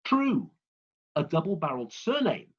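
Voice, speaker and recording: A man giving a humorous prepared speech over a video call, in a dry, wry, deadpan way. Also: fairly high pitch, normal speed, breathy edge, dull audio. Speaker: club speaker.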